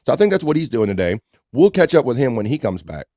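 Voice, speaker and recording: A man's voice: medium pitch, sing-song, fast talker, mellow, dry recording, studio quality. A man with an American accent hosting a live stream show, casually reading out chat messages and greeting viewers. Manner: laid-back, reads chat messages aloud. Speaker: livestream host.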